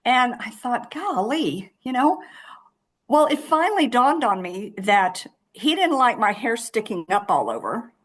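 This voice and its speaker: A woman's voice: a little high, big pitch swings, measured pace, fairly bright tone. A woman in her sixties, a guest in a casual interview, telling stories in a chatty way with many fillers and restarts. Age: 60s.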